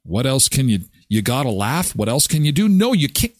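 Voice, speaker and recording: A man's voice: mid-range voice, moderate pace, few pauses, no room sound, studio quality. A man hosting a morning show, chatting casually and joking, acting out little scenes as he tells stories. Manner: animated, jokey, acts out voices in his stories. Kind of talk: casual chat.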